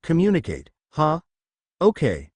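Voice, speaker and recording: An eager young ninja who blurts out whatever he thinks in a blunt, earnest way, read by a man in his natural voice. The reading is close and dry, with very lively intonation. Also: fairly high pitch, a little slow, slightly rough, no room sound, heavily acted. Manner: blunt, earnest, a little awkward. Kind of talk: fan fiction story reading.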